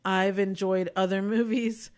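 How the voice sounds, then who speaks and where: In a medium-pitched, level voice that moves a little slowly, a podcast co-host rambles through a movie review. The talk is casual and chatty, with many fillers.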